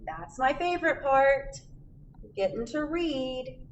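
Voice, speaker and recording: A chatty woman reads a picture book aloud and asks children questions. Her high voice swings widely, and she sounds far from the mic. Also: lively intonation, takes it slowly, highs cut off. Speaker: library storytime reader. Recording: distant mic, faint background noise.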